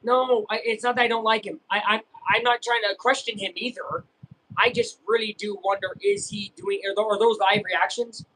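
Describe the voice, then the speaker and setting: A young man casually chatting and reacting while streaming a live baseball game, rambling and breaking into excited yells. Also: sits high, moderate pace, slight background noise, low-quality recording. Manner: rambling, self-interrupting, bursts of excited yelling. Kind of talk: casual live game watch-along chat.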